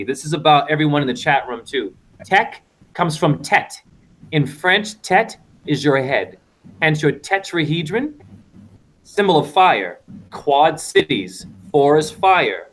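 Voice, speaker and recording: Brief: man hosting an online panel, rambling lecturer, voice pitched a bit high, video-call sound. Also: fairly bright tone. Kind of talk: casual online panel talk.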